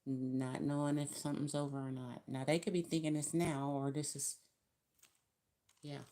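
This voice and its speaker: Woman, low voice, chatty live-stream tarot reader with emphatic spiritual asides. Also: level tone, normal speed, dark tone.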